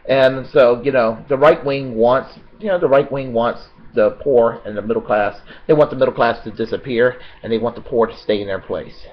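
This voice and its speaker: An American man giving a rambling, unscripted political monologue, halting with many fillers and restarts and blunt with profanity. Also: mid-range voice, dull audio. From United States.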